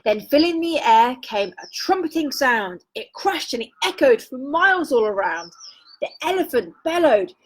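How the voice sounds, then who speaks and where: A young English woman reading a children's picture book aloud, animated, with chatty asides. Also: sits high, normal speed, a little hiss or hum, rough recording. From England. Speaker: storyteller for children.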